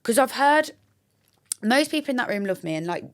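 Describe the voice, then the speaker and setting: A young adult woman, a podcast guest, chatting casually and telling lively stories, often acting out what people said. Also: on the high side, brisk. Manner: chatty, animated storyteller acting out quoted dialogue. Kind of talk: casual chat.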